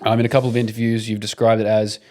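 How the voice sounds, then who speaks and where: A man's voice: lowish voice, little pitch movement, racing, darkish tone. A man hosting a podcast, interviewing his guest in a teasing, mock-serious way. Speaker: podcast host. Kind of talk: casual podcast chat. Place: podcast studio.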